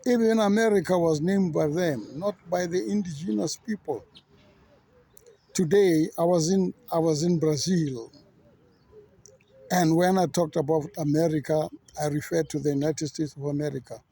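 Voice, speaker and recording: A man who preaches as a pastor, giving an outspoken, measured monologue in a gravelly voice. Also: on the high side, dark tone, dry recording. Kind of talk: reflective monologue.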